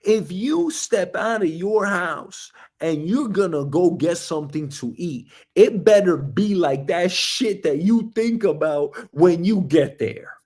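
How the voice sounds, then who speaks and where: A man's voice: high voice, slow, hardly any pauses. A middle-aged man with a New York accent hosting a casual comedic monologue, acting out the people he quotes. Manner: animated storytelling, acts out quoted voices. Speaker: host.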